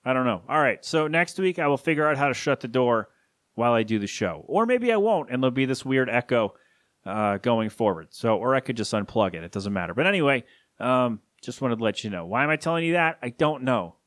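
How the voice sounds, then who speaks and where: A man's voice: medium pitch, lively intonation, fairly quick, fairly bright tone, dry recording. A man hosting a solo podcast from his home studio, rambling casually with self-deprecating asides. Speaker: podcast host.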